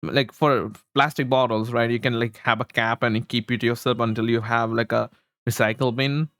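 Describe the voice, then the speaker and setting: A man's voice: mid-range voice, steady tone, moderate pace, fairly bright tone, dry recording, clean studio sound. A man livestreaming, rambling casually to his chat with frequent chuckles while he fiddles with settings.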